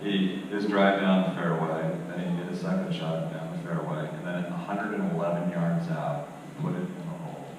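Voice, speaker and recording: A man's voice: low-pitched, normal speed. A man in his fifties telling laid-back, self-deprecating stories as a convention panel guest. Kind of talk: relaxed anecdotal storytelling. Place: large convention hall. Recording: distant, echoey hall with ambient noise.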